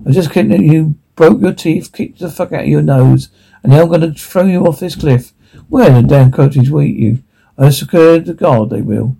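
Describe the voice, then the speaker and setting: An actor playing a brutal man who taunts and threatens a beaten rival, with a gravelly, menacing voice in a film drama. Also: a little high, normal speed, warm tone, low-quality recording.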